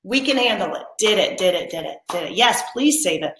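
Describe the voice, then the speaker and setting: A woman's voice: mid-range voice, expressive, brisk, a bit bright, reverberant, a little hiss or hum, poor audio. A woman hosting a live coaching session for mothers, reading out viewer comments and leading them through a spoken pledge. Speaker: mom coach hosting a live online workshop. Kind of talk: live-streamed motivational coaching.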